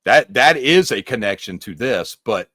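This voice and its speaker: A man's voice: medium pitch, animated, moderate pace, sharp tone. A man talks through puzzle clues in loose, emphatic podcast chat, throwing in the odd mild curse as he goes. His voice swings up and down freely. The sound is dry and close, with almost no room echo. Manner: emphatic, rambling, mildly profane. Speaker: podcast co-host.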